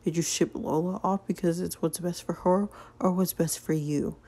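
Earnest young man, voiced by a woman, blunt, confrontational, mellow low voice. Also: steady tone, moderate pace, slightly rough.

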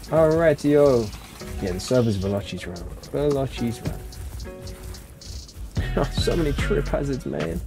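A man's voice: medium pitch, animated, takes it slowly, creaky, long pauses, music in the background. A man streaming a game live, playfully teasing and reading out chat messages.

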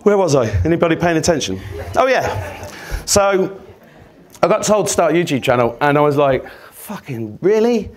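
An older Englishman in his sixties tells stories to a live audience in a sweary, rambling, self-mocking way. His voice sits a little high for a man and swings widely in pitch. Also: animated, moderate pace. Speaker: podcast host giving a talk. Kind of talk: comic storytelling talk to a live audience.

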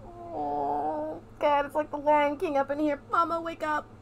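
A woman's voice: sits high, level tone, a little slow, gravelly, slight background noise. A young woman giving joking, teasing commentary while playing a video game. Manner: sarcastic, teasing, playful. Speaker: gaming streamer. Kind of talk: joking let's-play commentary.

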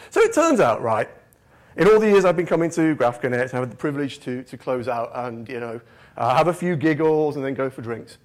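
A man's voice: medium pitch, big pitch swings, brisk. A British man from the United Kingdom giving a jokey, self-mocking conference keynote, often tagging lines with "right?".

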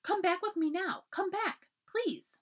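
A woman's voice: very high-pitched, unhurried, pitched above the performer's own voice. Woman reading a spirited, urgent colonial girl. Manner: urgent and pleading. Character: brave spirited colonial girl, about ten.

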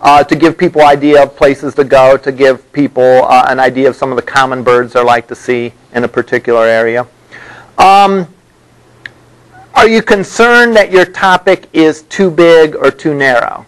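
A man's voice: mid-range voice, moderate pace, low-quality recording. A man teaching a college class, talking in a loose, conversational way with many fillers and side stories. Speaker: college instructor. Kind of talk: classroom lecture. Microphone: microphone worn by the lecturer.

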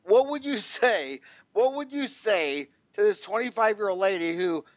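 A man's voice: high-pitched, animated, moderate pace, no room sound. A man hosting a podcast interview, asking brash, rambling, jokey questions. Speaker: podcast host. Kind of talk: casual interview. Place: Phoenix.

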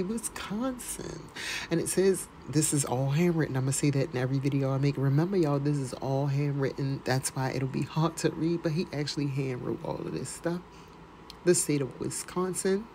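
A woman vlogger reading documents aloud in a casual, chatty way, with quick asides between slow reading. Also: sits low, mellow, slight background noise, poor audio. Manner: chatty, reads slowly then adds quick asides. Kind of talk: casual read-aloud with commentary.

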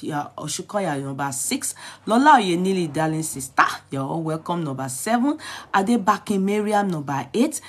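A woman's voice: lowish voice, animated, normal speed, breathy edge. A woman with a Nigerian accent hosting a live stream. She greets viewers by name, chats freely and laughs often as she goes over the news. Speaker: vlog host.

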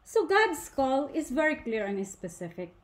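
A woman delivers a faith talk to a women's gathering, taking her time and leaning hard on each point. Her fairly high voice swings up and down as she stresses words and poses rhetorical questions. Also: big pitch swings. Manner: deliberate, emphatic, asks rhetorical questions. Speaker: speaker at a women's ministry gathering.

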